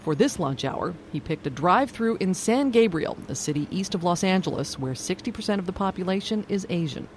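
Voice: medium pitch, expressive, a little fast, hardly any pauses, a little hiss or hum. A radio host and reporter, moving between scripted narration and casual, curious interview questions, recorded in a car at a drive-thru and then in a restaurant. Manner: friendly, curious, asks short questions.

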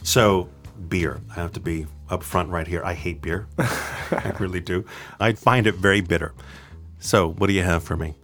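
A man's voice: sits low, moderate pace, a bit bright, soft background music. A man contributing to a radio show interviews a guest in a frank, wry, conversational way. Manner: frank and wry, admits things with a laugh.

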